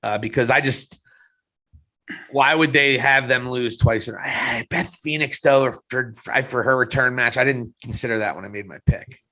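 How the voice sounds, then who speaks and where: A man co-hosting a wrestling podcast in casual chat, teasing his partner and breaking into excited outbursts. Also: medium pitch, moderate pace.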